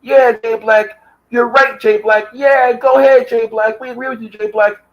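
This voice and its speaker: A man putting on a mocking, high, sing-song voice for fawning, agreeable fans. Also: fairly even intonation, moderate pace, muffled recording.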